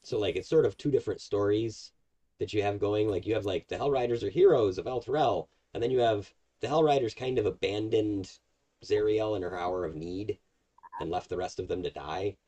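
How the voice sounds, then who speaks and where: Deep-voiced man running a tabletop game. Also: a little fast, dark tone. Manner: rambling, filler-heavy explaining. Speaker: game master.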